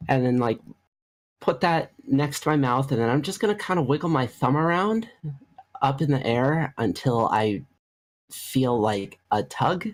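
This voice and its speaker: A tabletop player on voice chat, asking halting questions full of ums. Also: mid-range voice, animated. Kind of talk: tabletop game over voice chat.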